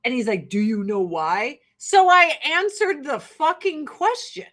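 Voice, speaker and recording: A woman's voice: high voice, animated, measured pace, hardly any pauses, fairly bright tone. An American woman in her forties talking casually while getting ready, brash and profane, laughing often. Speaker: vlogger. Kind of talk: casual get-ready-with-me chat.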